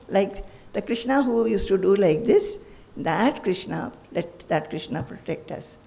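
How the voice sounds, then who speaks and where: A woman, a spiritual teacher telling a story in an animated way, acting out the voices and chanting Sanskrit verses. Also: medium pitch, measured pace, vocal fry.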